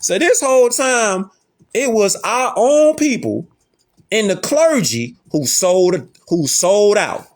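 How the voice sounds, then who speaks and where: Animated, high-voiced man lecturing. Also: slow. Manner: emphatic, repeats rhetorical questions; slangy street talk. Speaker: host. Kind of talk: casual lecture showing images.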